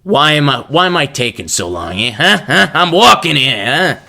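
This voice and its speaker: A man putting on the voice of a pushy New York cab driver, barking loud, bossy orders. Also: on the high side, big pitch swings, moderate pace, creaky, voice pushed up, heavily acted.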